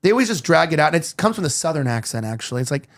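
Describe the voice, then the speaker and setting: A man hosting a loose talk show, rambling through his points with plenty of restarts and casual swearing. His voice sits a little high for a man. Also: big pitch swings, very fast. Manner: rambling, heavy on "like" and restarts, profane. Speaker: podcast host.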